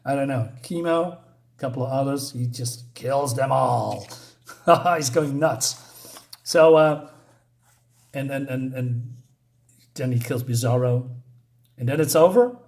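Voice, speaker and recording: A man's voice: medium pitch, slow pace, creaky, long pauses, a little mellow. Rambling man with a voice. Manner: rambling, many fillers, chuckles while summarizing. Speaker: comic book reviewer. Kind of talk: casual comic review vlog.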